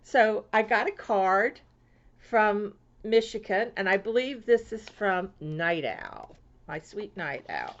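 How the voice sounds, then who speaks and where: A woman from Florida chatting casually to her viewers as she opens mail, gushing and excitable and swooping high over each gift. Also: slow pace. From Florida, USA. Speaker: crafting vlogger. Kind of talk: casual chat opening mail. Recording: lo-fi home video sound.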